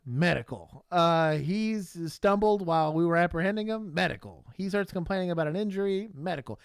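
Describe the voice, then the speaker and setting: A man with a Texan accent, a former cop co-hosting a casual livestream and explaining police work with lively laughter. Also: high voice, moderate pace, clear, resonant tone, no echo. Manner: laughing, animated, explaining in plain terms. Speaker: podcast co-host, former police officer.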